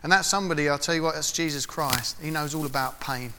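A man's voice: fairly high pitch, fast talker, big-room sound, noisy background. A man preaching an informal sermon, talking conversationally and acting out short voices and prayers.

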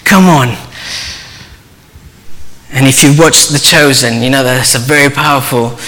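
Bright-voiced man preaching in a reverberant hall. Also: medium pitch, steady tone, brisk. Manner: earnest storytelling, voices quoted speech softly. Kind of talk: sermon.

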